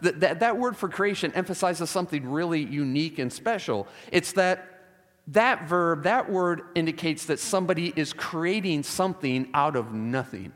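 A man's voice: fairly high pitch, expressive, normal speed, fairly bright tone. A man preaching a sermon, emphatic and repeating key words for stress, with wry asides. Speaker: pastor. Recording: long hall reverb.

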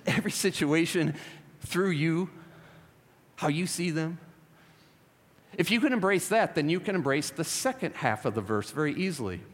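A male pastor delivers an emphatic sermon, his fairly high voice swinging from urgent, loud appeals to hushed, reflective asides. The recording carries the long, lingering reverb of a large hall.

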